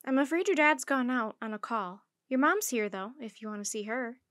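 A woman voicing a kindly middle-aged clinic receptionist with a brisk, amused manner. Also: a little high, lively intonation, fairly bright tone, no room sound, studio quality.

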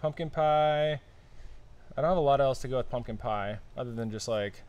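A man's voice: medium pitch, moderate pace, clear, resonant tone, lo-fi sound. A man co-hosting a casual live-stream chat, musing aloud and often trailing off and restarting. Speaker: podcast co-host.

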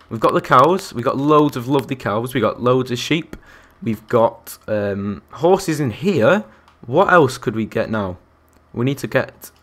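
A young man commentating his Minecraft survival game, chatty and excitable, talking to the animals and to his viewers. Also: mid-range voice. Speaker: gaming YouTuber. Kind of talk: Minecraft let's-play commentary.

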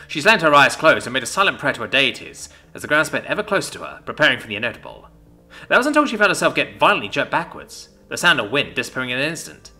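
A man narrating a story in an expressive, animated reading voice. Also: mid-range voice, fast. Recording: soft background music.

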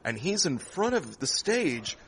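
A man, a stand-up comedian, telling a lively after-show story in a comedy club, laughing often and acting out the people in it. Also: on the high side, a little slow. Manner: animated storyteller, laughs often, acts out voices.

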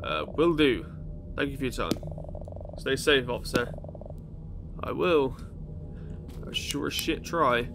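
A man's voice: medium pitch, sing-song, unhurried, vocal fry. A man giving chatty gaming commentary, swearing and thinking aloud while playing a police officer. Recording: gameplay with vehicle noise.

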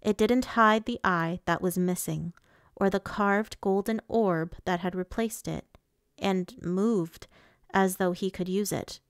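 Slow, measured woman reading a novel. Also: mid-range voice, no room sound, studio quality. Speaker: audiobook reader. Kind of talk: first-person novel narration.

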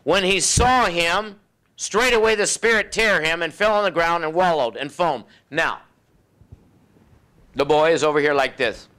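Folksy preacher with a raised pitch. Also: male voice, measured pace. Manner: acts out voices of demons and doubters, drops low and soft for effect. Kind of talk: sermon.

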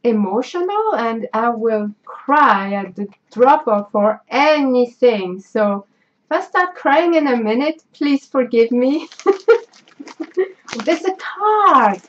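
A woman's voice: a little high, animated, slow pace, muffled recording. A woman with a French accent chatting in a vlog, effusive and sentimental as she opens gifts and gushes her thanks. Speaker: craft vlogger. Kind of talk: casual unboxing chat.

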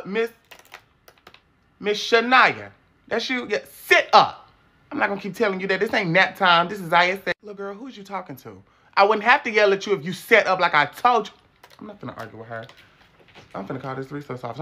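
A man's voice: creaky, sharp tone, exaggerated voice. A man voicing a stern, no-nonsense woman teacher running in-school suspension, scolding students in a sassy tone. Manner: scolding, sassy, low-key.

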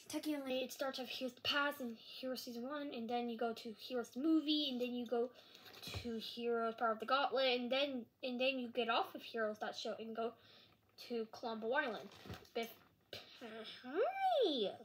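High-voiced woman rambling an apology. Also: steady tone, fairly bright tone, a little hiss or hum. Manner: rambling, halting, with frequent restarts. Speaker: vlogger. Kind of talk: casual apology vlog to camera. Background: dog nearby.

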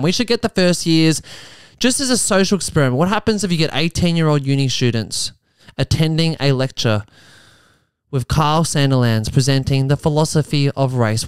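A man hosts a comedy podcast, riffing sarcastically on a news story and slipping into quick mock voices. His voice sits a touch high and sounds smooth and resonant. He is recorded close on a dry mic. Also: no echo. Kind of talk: comedic commentary on a news article.

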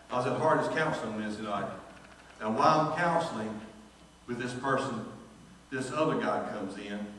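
A man's voice: medium pitch, a bit bright, a little hiss or hum. A man, preaching a sermon as pastor and telling a story in which he acts out the dialogue. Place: church sanctuary. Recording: echoey church hall from far off.

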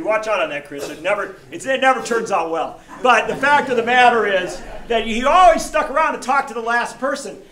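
A high, bright-voiced man tells a story to a crowd in a folksy, animated way, going hushed for suspense and climbing to rousing calls. He is heard from a distance in an echoey room with faint background noise. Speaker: rally speaker.

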